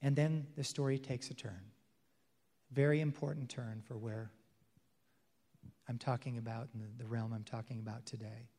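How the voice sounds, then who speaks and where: A man's voice: mid-range voice, fairly even intonation, moderate pace, pauses often. Emphatic preaching man in a reverberant hall. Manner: emphatic preaching that swings between loud and hushed. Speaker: pastor. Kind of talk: sermon.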